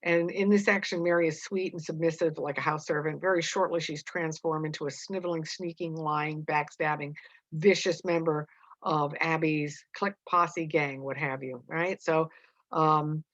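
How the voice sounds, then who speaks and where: Low-voiced woman teaching a play. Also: steady tone, moderate pace, fairly bright tone, no echo. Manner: explains plainly with many fillers. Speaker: literature teacher. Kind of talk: reading a play aloud with commentary. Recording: dull, dry lo-fi recording.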